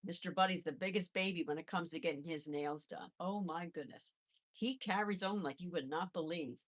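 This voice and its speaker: Husky woman cooing at her pets. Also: moderate pace. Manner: coos to the animals in high baby talk between chat replies. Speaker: live-stream host and rabbit foster carer. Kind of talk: casual live chat while handling pets.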